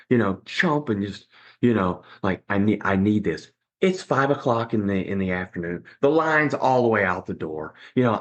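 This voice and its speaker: Middle-aged male guest, husky and lively, storytelling with voiced quotes. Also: medium pitch. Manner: animated, acts out other people's lines. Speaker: podcast guest. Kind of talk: conversational storytelling.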